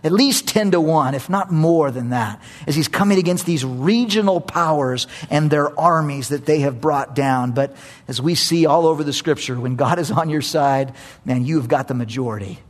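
A man preaching a sermon, telling a story with animated energy and repeating phrases for emphasis. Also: on the high side, normal speed.

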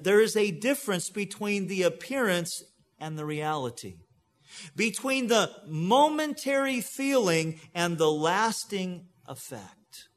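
Middle-aged pastor guy preaching, high voice, earnest, goes low n soft on the big lines. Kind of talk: sermon.

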